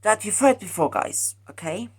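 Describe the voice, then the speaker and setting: A woman's voice: medium pitch, animated, normal speed, a little mellow, slightly rough. A young woman musing aloud about her own philosophy in a rambling casual monologue, full of fillers, restarts and calls of "guys". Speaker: vlogger sharing a personal philosophy.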